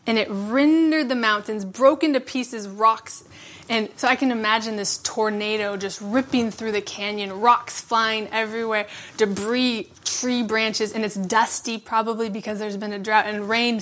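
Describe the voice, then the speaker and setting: A woman giving a reflective devotional sermon, laughing softly between phrases and dropping to a hush for emphasis. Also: on the high side. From California. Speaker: preacher.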